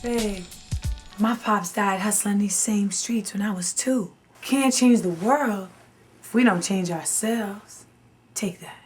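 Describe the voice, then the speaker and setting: A woman imitates a brooding young music mogul who speaks low and hushed, like a solemn confession. His tone stays earnest and heavy. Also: slow pace, lightly acted.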